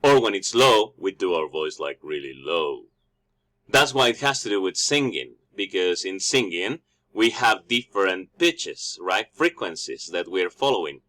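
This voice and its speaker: A man's voice: lowish voice, expressive, normal speed, bright, forceful tone. A man, a native Spanish speaker with a Mexican Spanish accent, gives an online English lecture over slides, explaining step by step, restarting words and checking in with "right?" and "okay?". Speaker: English teacher.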